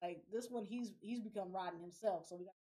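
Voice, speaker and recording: A young adult woman hosting a podcast in casual chat, animated and profane, laughing often. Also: mid-range voice, a little fast. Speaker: podcast host.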